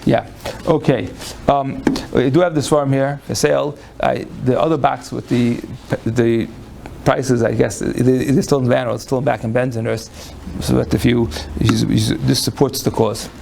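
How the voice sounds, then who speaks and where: A man's voice: medium pitch, flat delivery, unhurried, creaky, few pauses, background noise. A man lecturing on Jewish law to a live audience, folksy and conversational, often restarting his phrases. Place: lecture room before an audience.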